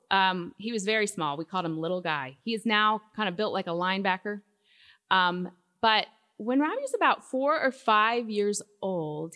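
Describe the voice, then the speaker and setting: A middle-aged woman delivering a sermon-style talk in a large hall, her voice carrying a long reverb tail. She tells stories with lively swings, rising into loud, emphatic peaks and then dropping to hushed, quiet lines. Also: mid-range voice. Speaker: Christian speaker. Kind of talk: sermon talk to a live audience.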